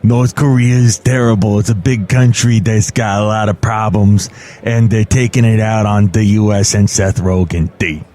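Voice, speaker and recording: A man's voice: on the low side, fairly even intonation, moderate pace, mellow, voice pushed down, natural voice. A man voicing a blunt, earnest male boxer sidekick in a comedy podcast. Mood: serious.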